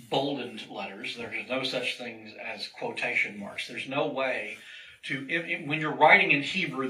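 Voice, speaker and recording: A man's voice: a little high, pushed and bright, reverberant, recorded from a distance, rough recording. A man preaching a sermon from a church pulpit, earnest and driving his points home by repeating key phrases. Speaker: pastor.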